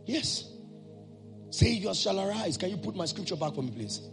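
A man preaching a sermon, calling out to the congregation and rising into shouted, chanted lines. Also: high voice, very animated, normal speed, vocal fry, over music.

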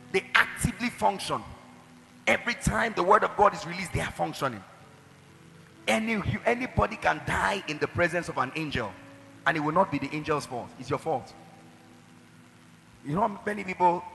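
A man preaching a sermon, emphatic, with shouted declarations and acted-out quotes to his church. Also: fairly high pitch, gravelly, slight background noise. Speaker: pastor. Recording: hall reverb.

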